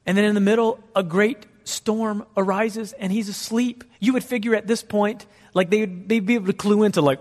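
A man with a fairly high voice preaching in a lively, conversational style, often turning to his listeners with questions. His words carry a long echo, as if spoken in a big hall. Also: moderate pace, few pauses. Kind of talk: sermon.

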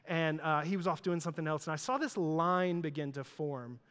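Male pastor, high voice, conversational and self-deprecating, long hall reverb. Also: moderate pace, fairly bright tone, clear, resonant tone. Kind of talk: sermon.

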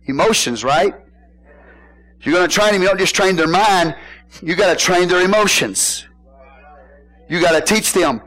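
Man, middle-aged, pastor, sermon, fairly high voice, calls out questions to congregation. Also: lively intonation, moderate pace, pauses often, rough recording. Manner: preaches with call-and-response questions to the congregation; casual folksy phrasing, bursts into shouted emphasis.

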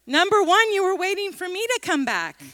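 A female pastor welcomes a church congregation and makes announcements in an unhurried way with a few fillers. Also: extremely high pitch, sing-song, big-room sound, background noise. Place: church sanctuary.

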